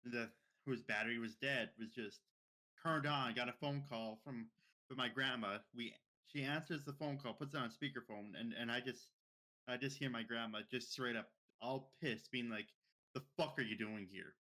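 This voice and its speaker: Bright-voiced young man telling a story. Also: mid-range voice, fairly even intonation, normal speed. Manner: rambling, repeats words and restarts, mimics others' speech. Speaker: podcast co-host. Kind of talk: casual storytelling.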